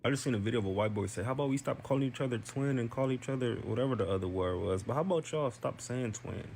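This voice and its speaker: A man's voice: mid-range voice, fast talker, creaky, a little mellow, faint music behind. A man ranting in an exasperated way during a casual group conversation.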